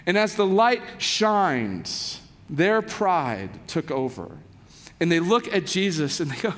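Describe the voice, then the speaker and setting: Guy preaching, high voice, chatty and animated, big echo off the room. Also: unhurried. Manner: conversational, animated, voice drops low for emphasis. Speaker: pastor. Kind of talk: sermon. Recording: echoey hall.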